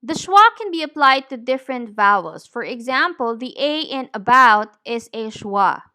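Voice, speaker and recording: A woman teaching English pronunciation, saying each word deliberately and clearly. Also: fairly high pitch, very animated, bright, forceful tone. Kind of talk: slow, careful pronunciation lesson.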